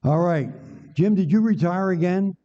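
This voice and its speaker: High and mellow at normal speed, an older man preaches as a guest, giving a folksy, joking sermon and chatting back and forth with the congregation. The church recording sounds dull and echoey.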